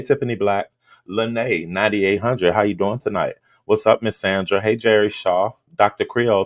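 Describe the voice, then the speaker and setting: A man's voice: lowish voice, dry recording, studio quality. A man hosting a late-night livestream, chatting casually and bluntly with plenty of swearing, greeting viewers by name. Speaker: livestream host. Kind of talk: casual live-stream chat and gossip commentary. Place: room at home with a door.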